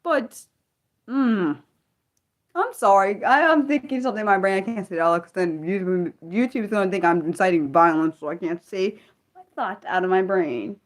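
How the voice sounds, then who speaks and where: A woman's voice: mid-range voice, moderate pace. Fired-up woman venting on a livestream. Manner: heated, swings between fired-up and muttered; swears freely, lots of restarts. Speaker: livestream host. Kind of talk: unscripted livestream chat.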